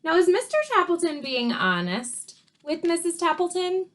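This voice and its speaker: A woman teacher reading a storybook to children, pausing to ask questions and explain words. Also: very high-pitched, big pitch swings, fairly bright tone. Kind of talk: read-aloud story lesson for children.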